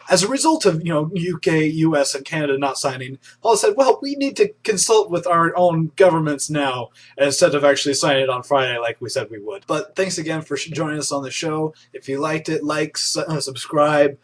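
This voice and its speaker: A young man hosting a casual online news roundup, chatty and enthusiastic, with frequent restarts and fillers. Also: on the high side. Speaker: host of an online news show.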